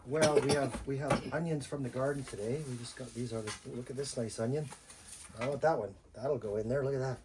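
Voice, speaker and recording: This home cooking lesson features a grandfather speaking briskly in a mid-range voice with fairly even intonation, patiently guiding a child through each step and cracking jokes. The recording is rough, with loud background noise and chopping.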